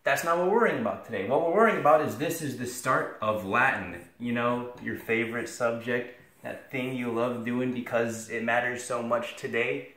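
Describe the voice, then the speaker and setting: A man's voice: medium pitch, normal speed, hardly any pauses, pushed and bright. A man giving a casual, joking Latin lesson, sarcastic and rambling, with self-deprecating asides. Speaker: video tutor for Latin students. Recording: echoey room.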